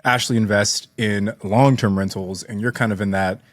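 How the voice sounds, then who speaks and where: A man's voice: on the low side, steady tone, normal speed, dry recording. Laid-back man co-host, dry close sound. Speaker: podcast co-host. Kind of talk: casual interviewing.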